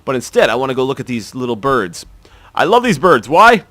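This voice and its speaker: A man's voice: mid-range voice, sing-song, brisk, a bit bright, no echo. A man casually talking through a video game playthrough, chatty, wry and rambling with restarts. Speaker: gaming video host.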